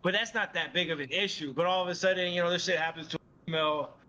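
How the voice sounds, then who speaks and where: A man's voice: sits high, quick pace, bright, forceful tone, highs cut off, slight background noise. A man co-hosting a podcast, joking and mocking in casual chat. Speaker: podcast co-host.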